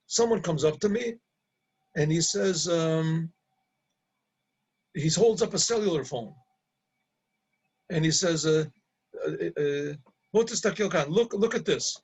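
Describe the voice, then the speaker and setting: A middle-aged man, a rabbi, casually telling an anecdote, halting and repeating words and laughing at his own story. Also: fairly high pitch, expressive, vocal fry, darkish tone, slightly rough, poor audio.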